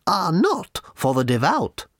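A man voicing a tiny old woman in a booth, who talks in a slow, piping, severe way. The reading is an audiobook. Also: fairly high pitch, wildly swooping pitch, a bit bright, no echo, clean studio sound, voice pushed up, heavily acted.

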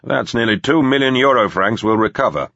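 A man voicing a calm, formal male security chief with a measured manner. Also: mid-range voice, dry recording, dull audio, voice pushed up. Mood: matter-of-fact.

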